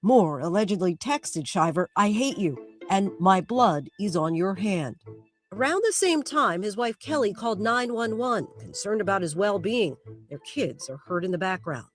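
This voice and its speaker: Sex: woman. Role: news reporter. Style: scripted news narration. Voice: animated intonation. Behind: faint music. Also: mid-range voice. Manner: measured, crisp delivery.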